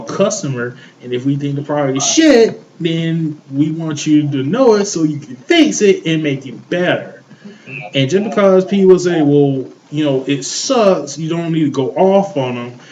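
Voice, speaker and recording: A man's voice: a little high, darkish tone, lo-fi sound, a little hiss or hum. A man co-hosting a show, ranting in heated casual chat, swearing often and repeating himself. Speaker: podcast co-host.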